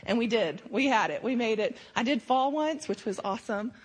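A woman's voice: fairly high pitch, expressive, a little fast, slight background noise. A woman sharing a church mission trip testimony in a casual, emotional way, with lots of fillers. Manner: emotional, filler-heavy storytelling.

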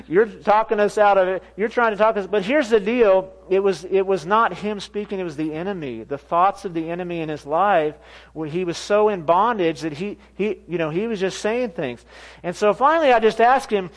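High-voiced man telling a sermon story. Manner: animated, laughing storyteller who acts out quoted voices. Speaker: pastor. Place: church sanctuary.

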